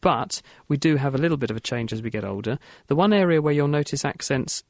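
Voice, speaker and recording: A man presenting a radio science show, explaining things in a clear, chatty way. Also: mid-range voice, animated, quick pace, no room sound, clean studio sound.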